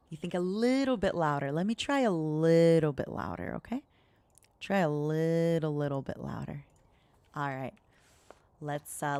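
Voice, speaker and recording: A young woman streaming, chatting gently and slowly in a soft, cozy way. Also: deep voice. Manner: gentle, talks slowly and softly.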